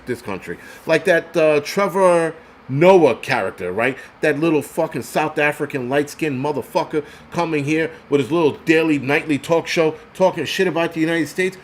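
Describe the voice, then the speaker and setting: A man's voice: on the high side, a little hiss or hum. A man hosting a livestream, ranting in an angry, profane, heated way and stumbling over repeated words when worked up. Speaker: host of a prepping channel. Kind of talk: livestream rant.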